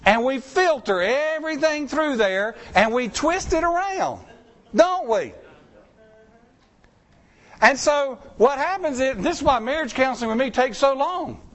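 A man's voice: animated, measured pace, a bit bright. A male pastor preaching a sermon in a folksy, conversational way. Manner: folksy, conversational preaching with wide pitch swings.

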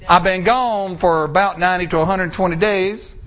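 An American man preaching a sermon, retelling a scripture story with drawn-out pauses and acted-out character lines. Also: sits high. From United States. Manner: storytelling, acting out characters' lines in lively voices.

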